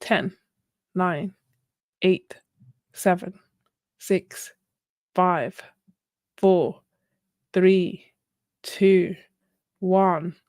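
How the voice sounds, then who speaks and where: A woman's voice: lowish voice, fairly even intonation, very slow, pauses often, a little mellow, no room sound, studio quality. A woman hosting a casual art livestream, chatting, laughing often and thinking aloud. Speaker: art channel host.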